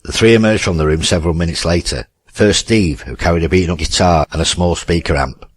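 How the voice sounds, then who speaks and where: Casting: low, husky male narrator, steady audiobook read, dry close sound. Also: fast talker, no room sound. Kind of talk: scripted narration.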